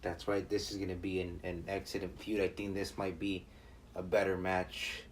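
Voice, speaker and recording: A man's voice: low-pitched, level tone, normal speed. A man co-hosting a podcast in casual chat, agreeable, with brief interjections. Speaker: podcast co-host. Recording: distant mic with faint noise.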